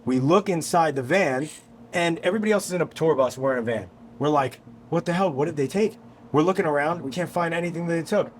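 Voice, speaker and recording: A man from New York, a guest musician, telling a story on a podcast in a casual, animated, profane way. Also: fairly high pitch, fast, a little hiss or hum. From New York, USA. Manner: animated, profane, acts out quotes.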